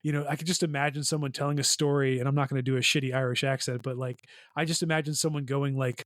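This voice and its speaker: A man chats casually as a podcast co-host, circling his points with frequent fillers. His voice is mid-pitched and recorded close on a dry mic. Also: little pitch movement, fast, fairly bright tone, dry recording. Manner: rambling, heavy "like" and "you know" fillers. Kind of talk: casual chat.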